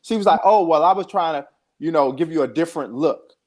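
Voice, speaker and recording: Guy on a podcast rambling thru a dating story, swears a lot, kinda high voice. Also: a little fast. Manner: rambling, profane, animated storytelling. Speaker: podcast co-host. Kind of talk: casual chat, storytelling.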